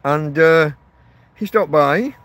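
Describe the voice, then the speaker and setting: Talking slowly in a slightly bright voice on the high side, a man camping rough in a windy field chats to his viewers. He rambles and self-corrects, and the portrait-mode phone captures wind and faint outdoor sounds.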